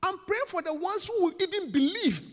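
High pitched preacher guy, animated, asks the crowd questions, goes quiet then shouts, big reverb. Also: a little fast. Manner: call-and-response preaching, swings from soft to shouting. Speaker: pastor. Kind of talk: sermon. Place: church hall. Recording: reverberant church hall.

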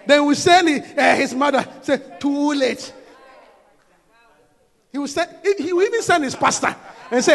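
Preacher guy yelling his sermon, really high bright voice, gravelly edges, big echoey church hall. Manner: shouting, sing-song, call-and-response preaching.

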